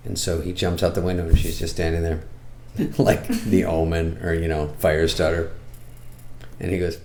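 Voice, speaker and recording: Deadpan, low-voiced middle-aged man. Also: moderate pace, a little hiss or hum. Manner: deadpan, sarcastic, jumps into squeaky put-on voices. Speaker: comedian reviewing a movie. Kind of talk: casual comic monologue.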